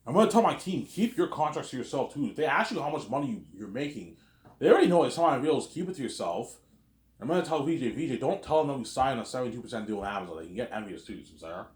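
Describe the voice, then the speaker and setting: A man's voice: medium pitch, sing-song, fast talker. A man acting out an imagined argument by himself, playing every side in an over-dramatic, repetitive way. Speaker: video creator. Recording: roomy echo.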